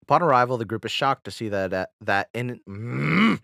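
A man's voice: mid-range voice, expressive, normal speed, creaky, bright, forceful tone, no room sound, studio quality. A young man co-hosting a casual podcast, joking, swearing and stumbling while reading aloud. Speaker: podcast co-host. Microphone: studio mic.

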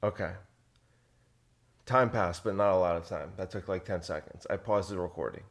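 A deep-voiced man at a moderate pace hosts a casual podcast chat, rambling, sarcastic, and often restarting his sentences. It's recorded on a single handheld recorder.

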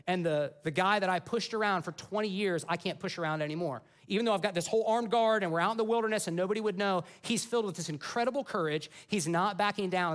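A man preaching a sermon, retelling scripture in an animated, casual storytelling manner. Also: high-pitched. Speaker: pastor.

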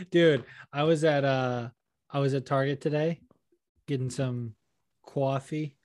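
A man's voice: medium pitch, takes it slowly, darkish tone, no echo, studio quality. A man from Las Vegas co-hosting a podcast, chatting in a laid-back way and swearing casually. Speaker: podcast co-host.

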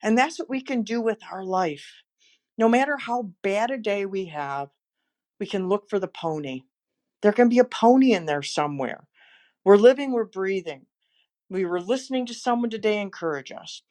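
A woman's voice: mid-range voice, animated, moderate pace. A woman, a motivational speaker and podcast host, giving an encouraging inspirational talk and telling stories. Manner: warm encouraging storytelling.

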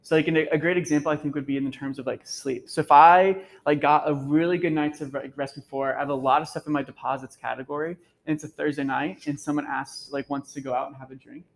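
Earnest campus minister, casual filler-heavy talk. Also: male voice, on the high side, steady tone, fast, gravelly, hardly any pauses, rough recording. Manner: conversational, full of "like" and "um" fillers; earnest, personal storytelling. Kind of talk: casual faith talk to students. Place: gathering room at a campus center, live audience.

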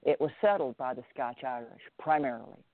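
Over a dry, phone-quality recording, a middle-aged Southern US man speaks in a mid-range, creaky voice that is animated and fairly quick. He's a writer from the Southern United States answering interview questions thoughtfully, often restarting and repeating words.

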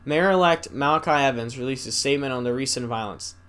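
A young man hosting a solo podcast, rambling casually and reading news stories aloud haltingly with asides. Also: medium pitch, fairly bright tone, clear, resonant tone. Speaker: podcast host.

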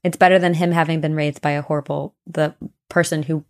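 A young woman co-hosting a podcast, casually recounting ghost lore in a chatty, animated way. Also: low voice, brisk. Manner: chatty, animated retelling with quoted voices. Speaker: podcast co-host.

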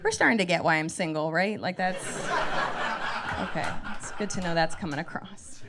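A woman in her thirties doing a stand-up comedy set, telling wry, self-mocking stories that build to punchlines. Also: on the low side. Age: 30s. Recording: noisy live stand-up recording.

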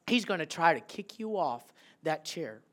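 A man preaching a sermon as a pastor, animated, swinging between loud bursts and hushed, quiet lines. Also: fairly high pitch, normal speed.

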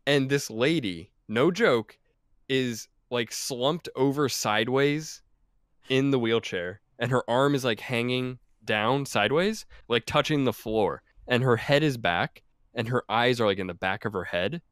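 A man's voice: mid-range voice, unhurried, fairly bright tone, clean tone, no echo, clean studio sound. Laid-back rambling young man. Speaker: podcast regular. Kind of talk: casual storytelling.

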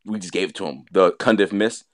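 A man's voice: sits low, a little fast. A man hosting a casual sports podcast, quizzing his co-hosts with stats and joking around. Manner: animated, quizzing friends, jokes and impressions. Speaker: podcast host.

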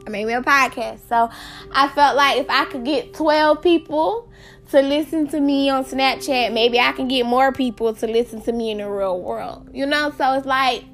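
A young woman hosting her own podcast, chatting in a bubbly, animated way as she tells a personal story. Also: high-pitched, moderate pace. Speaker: podcast host. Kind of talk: casual chat.

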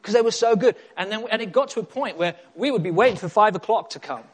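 A man preaching a sermon, emphatic and repetitive, building up to excitement. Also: high-pitched, quick pace. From South Africa.

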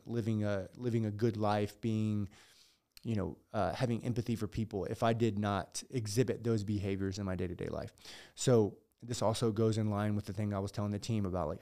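Male guest, gym owner, reflective and sincere, slightly low voice. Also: a little mellow, clear, resonant tone. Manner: earnest, reflective. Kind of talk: casual chat.

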